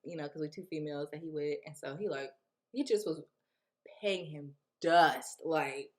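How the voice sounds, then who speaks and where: A young woman vlogger telling a casual storytime tale, animated and laughing often as she acts out the people in it. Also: deep voice, normal speed, background noise.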